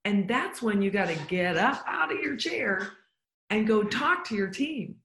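A woman's voice: mid-range voice, expressive, unhurried, fairly bright tone. A woman giving a motivational business talk, emphatic and full of rhetorical questions put to the listener. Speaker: business coach. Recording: echoey room.

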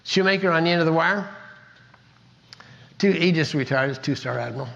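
Older man, slightly high voice, emphatic repetitions, motivational talk. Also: fairly quick, creaky, fairly bright tone, dull audio. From Kansas. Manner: earnest storytelling with emphatic repetition. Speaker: speaker.

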